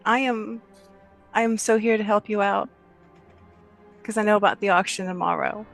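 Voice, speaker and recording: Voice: mid-range voice, fairly even intonation, moderate pace, a bit bright, faint music behind. Brash, playful player at a tabletop game. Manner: brash, playful, swears freely. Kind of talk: casual game table chat.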